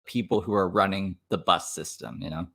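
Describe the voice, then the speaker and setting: A man with a Minnesota accent talks over stream clips in a casual reaction commentary, his voice on the low side. He drops wry, dry asides and laughs between points. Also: a little fast, vocal fry, pushed and bright.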